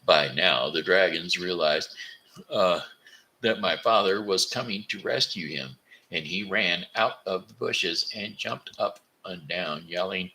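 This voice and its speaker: A man's voice: low voice, unhurried, bright, forceful tone, poor audio. A man from Missouri reading a children's book aloud, stumbling now and then and correcting himself. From Missouri, USA.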